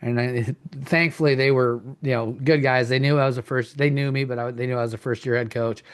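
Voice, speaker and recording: A man's voice: mid-range voice, fairly even intonation, fairly quick, smooth. A man hosting a wrestling podcast, asking long rambling questions and trading coaching stories. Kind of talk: casual interview chat.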